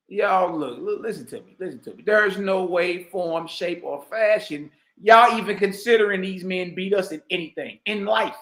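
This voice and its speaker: A man giving heated, mocking reaction commentary, repeating himself and bursting into shouts. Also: high voice. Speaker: online commentator. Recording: roomy echo.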